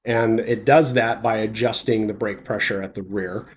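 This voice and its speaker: A man hosting a casual conversation, explaining car details in a relaxed, technical way. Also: fairly low pitch, moderate pace, crowd noise. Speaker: host.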